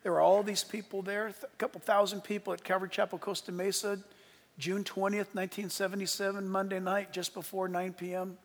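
A pastor in his sixties gives a sermon in a rather high, flat voice at a brisk pace, earnestly telling his story. He sinks to a hush, then climbs to emphatic peaks, and a long hall reverb trails each phrase.

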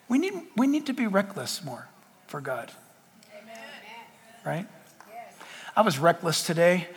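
High lively preacher guy, acts out little scenes, big echoey hall sound. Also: takes it slowly, pauses often. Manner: animated storytelling, acting out dialogue with God. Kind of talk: sermon.

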